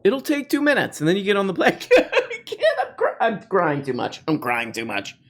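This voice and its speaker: A man's voice: high voice, wildly swooping pitch, normal speed, fairly bright tone, pitched above the performer's own voice, exaggerated voice. A man putting on a whiny, sobbing impression of a self-important older male lecturer. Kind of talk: mocking impression.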